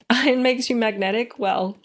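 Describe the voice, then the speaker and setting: A woman casting a strategy game live on stream, playful and teasing, with frequent giggles. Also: on the high side.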